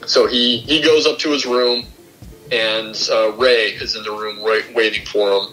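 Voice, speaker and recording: Poor audio and faint music accompany a young podcast host whose fairly low voice is steady, pushed and bright, coming a little slowly. In a casual film review chat, he retells the movie step by step and performs its quotes.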